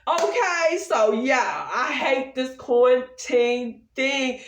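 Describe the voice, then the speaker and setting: Woman, middle-aged, casual chat, high pitch, recorded a bit far from the mic. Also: slow pace, few pauses. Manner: animated and playful, acting out quotes and laughing often. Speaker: vlogger. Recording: echoey room, voice a bit off mic.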